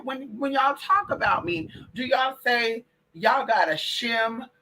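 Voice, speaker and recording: Woman, livestream host, bright edgy tone, casual profane chat, talks to viewers as y'all. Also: fairly high pitch, slow pace, a little hiss or hum. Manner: animated and profane, calls listeners girl and y'all.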